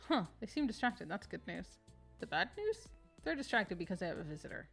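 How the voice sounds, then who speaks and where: A woman's voice: mid-range voice, sing-song, brisk, gravelly, fairly bright tone, soft background music. A woman streamer playing a story game live, reading the text aloud and reacting with gasps and laughter.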